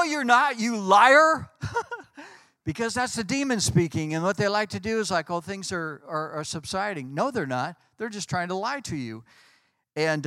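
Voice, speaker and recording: A man, a pastor, telling lively anecdotes in conversation and acting out what people said. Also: fairly high pitch, no room sound. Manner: animated anecdotes, acts out quotes. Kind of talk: storytelling in a conversation.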